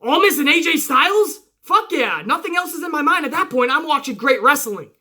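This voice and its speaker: A man hosting a wrestling review show, recapping matches in an excited, casual way, swearing often and acting out quotes. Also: extremely high pitch, fairly quick.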